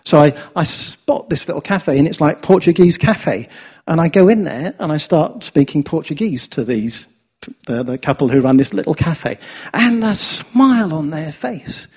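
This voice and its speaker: A chatty English preacher with a slightly raised, husky voice, often checking in with his listeners. His sermon comes through a dull, lo-fi recording. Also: on the high side, expressive, normal speed, darkish tone. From England. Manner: chatty, often asks "yeah?". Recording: dull lo-fi sound.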